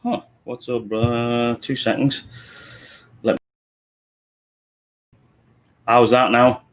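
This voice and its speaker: A man's voice: mid-range voice, flat delivery, extremely slow. A middle-aged man with a Liverpool accent hosts a live stream in a casual, chatty way, greeting viewers one by one as mate and buddy into a desk microphone. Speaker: livestream host.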